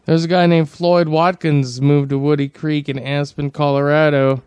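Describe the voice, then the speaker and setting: Laid-back higher-voiced co-host. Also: male voice, flat delivery, moderate pace, a little mellow, clear, resonant tone, no echo. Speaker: radio show co-host. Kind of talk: casual banter.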